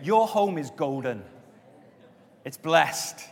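A man's voice: on the high side, animated, slow pace. Preaching man in a reverberant hall. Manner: builds to loud emphatic exhortation, then soft prayer. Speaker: pastor. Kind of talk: sermon. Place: church auditorium. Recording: long reverb of a church hall.

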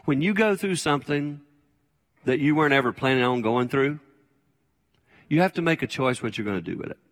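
A man's voice: mid-range voice, expressive, brisk. An older man preaching a sermon as a pastor, conversational and plain-spoken, repeating his key phrases. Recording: long hall reverb.

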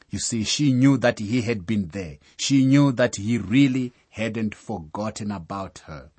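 A male preacher giving measured Bible teaching, telling a story and citing scripture verses. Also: fairly low pitch, husky, dry recording. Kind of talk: sermon-style Bible teaching.

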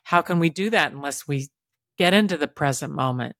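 A woman's voice: low-pitched, animated, a little fast, fairly bright tone, no room sound, clean studio sound. A woman hosting a podcast, responding to the guest with enthusiastic, affirming remarks. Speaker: podcast host. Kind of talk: conversational interview talk.

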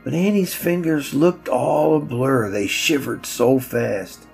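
A man narrating a story with a measured, reflective telling. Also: medium pitch, animated, vocal fry, husky, faint music behind, poor audio.

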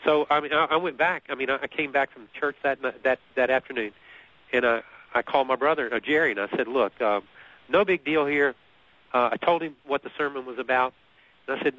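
A man telling a personal story at an ordinary middle pitch. He talks in animated bursts, tripping over repeated words and chuckling as he goes. His voice comes through a muffled, lo-fi radio recording. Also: brisk, no echo. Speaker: guest. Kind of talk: conversational storytelling.

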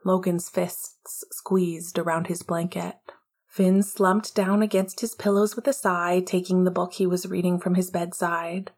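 A woman narrating an audiobook in a hushed, intimate way, often half-whispering. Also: fairly low pitch, flat delivery, a little slow.

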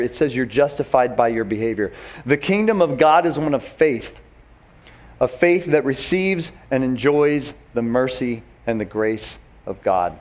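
Animated pastor, a man preaching. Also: medium pitch. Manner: animated, emphatic, talks straight to the congregation. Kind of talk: sermon.

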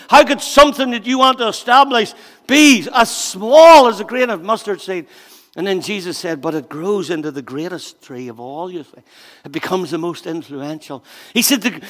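High-voiced storytelling pastor in a reverberant hall. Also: male voice. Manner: storytelling with acted-out voices, swings between quiet asides and loud emphatic bursts. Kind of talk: sermon.

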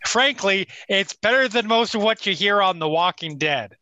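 A man's voice: high voice, animated, moderate pace, sharp tone, no echo. A man at a tabletop game giving wry opinions in casual chat. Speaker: player.

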